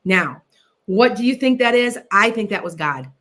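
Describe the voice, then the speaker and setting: A woman from the Midwestern US hosting a psychic radio show, telling stories in a chatty, animated way and speaking straight to her listeners. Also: medium pitch, moderate pace. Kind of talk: casual storytelling on internet radio.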